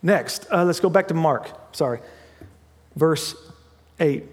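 A male pastor with a fairly high voice delivers a relaxed, conversational sermon, stopping to correct himself and add asides. His pitch rises and falls a lot. The voice carries a long reverb, as if recorded in a large hall. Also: slow.

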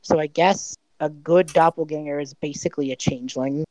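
A woman's voice: low-pitched, steady tone, fairly quick, dark tone, no room sound, voice pushed down, natural voice, low-quality recording. A woman playing a weary sardonic man. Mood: dry. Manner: dry, exasperated asides.

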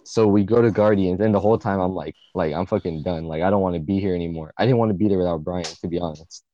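A man's voice: low voice, quick pace, dark tone, no room sound, lo-fi sound. A young man in his late teens, co-hosting a podcast, telling an emotional story in a rambling, swearing way full of filler words. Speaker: podcast co-host. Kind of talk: casual storytelling chat.

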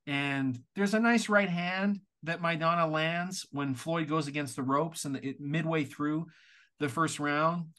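A man from Canada co-hosting a podcast, talking in an animated, exasperated way with plenty of swearing. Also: a little high, unhurried. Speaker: podcast co-host. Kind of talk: casual podcast chat.

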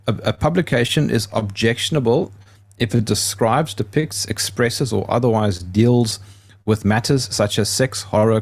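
A man's voice: lowish voice, a little mellow. A man hosting a talk radio show, talking casually and rambling, with frequent restarts and repeated words.

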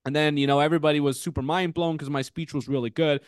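A man in his thirties hosting a podcast, telling stories in an animated, swear-heavy, casual way. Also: fairly high pitch, quick pace, smooth, no echo, studio quality. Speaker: podcast host.

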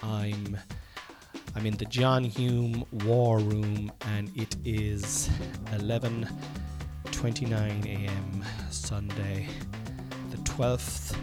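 A middle-aged Irish man hosting a podcast from home while sick, coughing now and then, rambling and swearing, with sudden loud bursts. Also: on the low side. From Ireland. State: sick with covid, congested and coughing. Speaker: podcast host. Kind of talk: casual solo podcast monologue.

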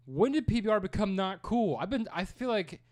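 A man's voice: high voice, expressive, brisk, darkish tone. Joking, swearing male podcast co-host. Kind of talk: casual chat.

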